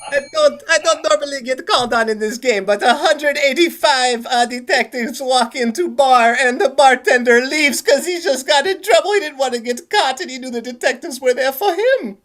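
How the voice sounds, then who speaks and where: A man's voice: very high-pitched, normal speed, hardly any pauses, a bit bright. A man improv performer rambling through a joke casually.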